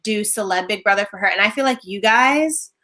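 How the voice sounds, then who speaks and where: A woman's voice: medium pitch, a little fast, bright, forceful tone. A woman co-hosting a casual chat, bubbly and gushing, with many "like"s. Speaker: podcast co-host.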